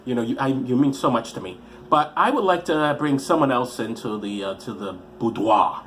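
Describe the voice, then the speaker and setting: A man's voice: mid-range voice, animated, moderate pace, a bit bright, slight background noise, pitched below the performer's own voice, natural voice. A man voicing a sleazy husband with an oily, wheedling way of talking. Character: sleazy husband pitching a creepy idea to his wife.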